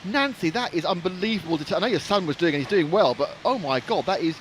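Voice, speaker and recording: A man's voice: sits high, animated, quick pace, a little hiss or hum. A man, chatting and joking as a live racing stream commentator. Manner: chatty, jokey, rambling.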